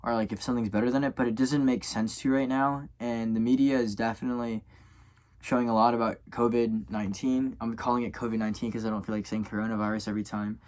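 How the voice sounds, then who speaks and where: A man's voice: medium pitch, level tone, fast talker, a little mellow. A young man from Louisiana speaks to his camera. He rambles and keeps correcting himself, stopping often on fillers. He sounds tired, like someone who keeps yawning. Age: young adult. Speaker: college student vlogger. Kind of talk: casual vlog talk to camera.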